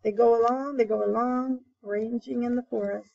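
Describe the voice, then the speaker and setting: A woman reads a folk tale aloud as a teacher, steady and expressive, her voice a little high. The recording sounds dull and lo-fi. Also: normal speed, gravelly.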